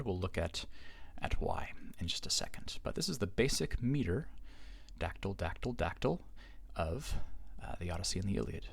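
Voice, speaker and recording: Male teacher, lowish voice, patient explanatory delivery for a slideshow lecture. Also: dry recording. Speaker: Greek teacher. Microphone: voice-over on slides.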